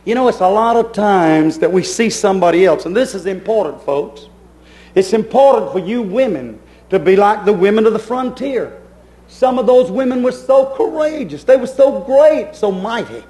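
A middle-aged man, preaching a fervent sermon as pastor, dropping suddenly quiet and then bursting out with emphasis. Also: sits high, poor audio.

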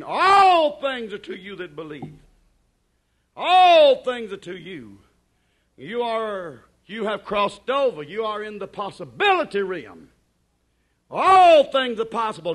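A man preaching a sermon in an emphatic, repetitive cadence, dropping to hushed asides and rising to shouted declarations. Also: sits high.

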